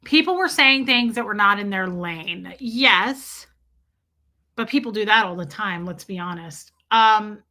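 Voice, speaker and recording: This livestream host is a woman with a mid-range voice who talks a little slowly. She rants and tells animated, profanity-filled stories in a casual stream, aiming her remarks right at her chat.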